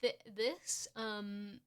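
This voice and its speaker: A young woman streaming casually, joking in a deadpan way and often laughing as she talks. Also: mid-range voice, extremely slow, smooth. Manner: playful, deadpan jokes with frequent laughs. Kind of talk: casual stream chat showing fan art.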